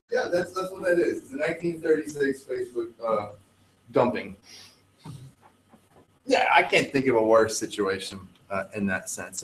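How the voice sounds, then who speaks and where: A male teacher lecturing a class, animated and joking with his students. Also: mid-range voice, a little hiss or hum. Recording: echoey classroom with faint ambience.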